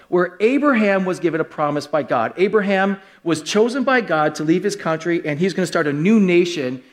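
A man preaching a sermon to a live congregation, telling a funny story with lively, joking delivery. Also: sits high. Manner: animated, joking, acts out quoted voices. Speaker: pastor. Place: church hall with a live congregation.

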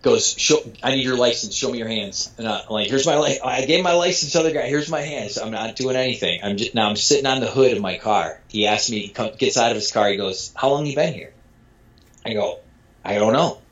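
A man from Michigan telling a casual story with animated delivery, acting out dialogue and swearing freely. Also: mid-range voice, brisk. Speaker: storyteller guest. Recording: dull lo-fi sound.

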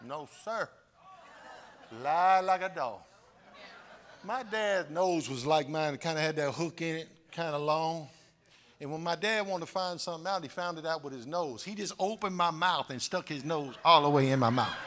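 A man preaching a sermon as pastor, telling folksy stories with laughter and rising to shouts. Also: fairly high pitch, normal speed.

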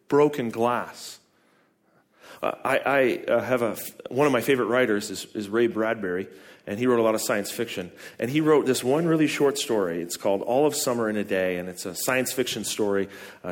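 A man preaching a sermon, emphatic and prone to repeating words and restarting, who climbs high and loud on key phrases. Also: a little fast.

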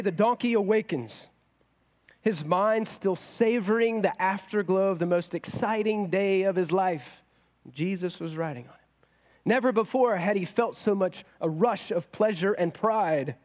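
A man's voice: high voice, a little mellow. A man preaching a conversational sermon as a pastor, often asking the congregation rhetorical questions.

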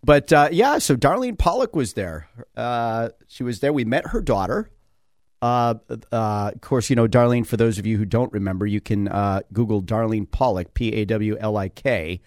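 A man's voice: fairly low pitch, lively intonation, moderate pace, a little mellow, dry recording. New guy on talk radio, chatty and rambly, dry close mic sound. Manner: chatty, digressive, many fillers and chuckles. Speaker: radio talk show host. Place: radio studio.

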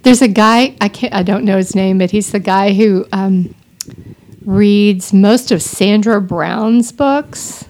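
A woman in casual podcast chat, talking at an easy middle pitch. She drifts from point to point, adding asides as she goes. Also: slow pace, darkish tone. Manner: chatty, digressive. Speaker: podcast co-host. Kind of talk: casual chat about audiobooks.

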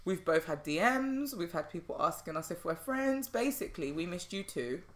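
Woman co-host, lower voice, animated, mimics others, laughs a lot. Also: moderate pace. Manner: animated storyteller, mimics people, laughs often. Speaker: podcast co-host. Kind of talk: casual chat.

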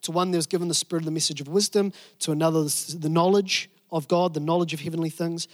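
A man preaching a sermon, telling a personal story with animated emphasis and repeated phrases. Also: a little high, fast, no echo, studio quality. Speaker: pastor. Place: church service room.

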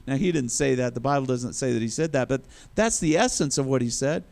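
A man's voice: mid-range voice, lively intonation, a little fast, gravelly, a little mellow. A man preaching a sermon, retelling a story with chuckling asides and acted-out quotes. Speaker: pastor.

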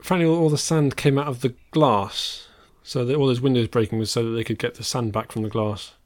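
A man's voice: medium pitch, steady tone, quick pace, no room sound, clean studio sound. A man co-hosting a podcast about films, in a rambling, casual chat that often trails off into a laugh. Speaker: podcast co-host.

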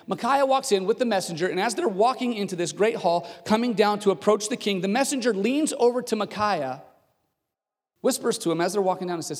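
A man preaching a sermon who retells a scripture story with lively acted-out voices. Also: high-pitched, fairly quick. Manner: animated, acts out the characters' voices. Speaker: pastor. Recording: long hall reverb.

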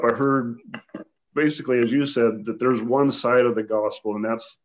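A man's voice: medium pitch, steady tone, moderate pace. Brief: fervent male podcast guest, mid voice, muffled lo-fi audio. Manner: fervent, declarative. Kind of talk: testimony in podcast conversation. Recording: dull lo-fi sound.

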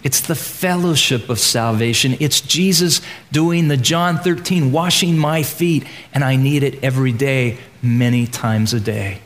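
A man preaching a sermon to his congregation in a folksy, animated way, swinging between loud emphasis and soft asides. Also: medium pitch, unhurried, few pauses. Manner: folksy, addresses the congregation as "gang". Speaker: pastor.

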